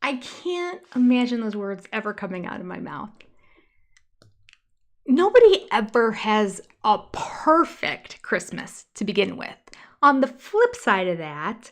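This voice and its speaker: An older woman chatting on a livestream, reviewing a reality show in a gossipy, exasperated tone. She drops into soft, mocking whispers now and then. Her voice sits at an ordinary middle pitch. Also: big pitch swings, unhurried. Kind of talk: casual livestream commentary.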